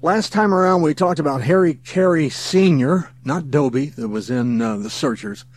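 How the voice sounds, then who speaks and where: A man's voice: a little high, moderate pace, no room sound. A man hosting his own podcast in a folksy, enthusiastic way, chuckling often and speaking straight to the listener. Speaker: podcast host. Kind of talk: casual podcast monologue.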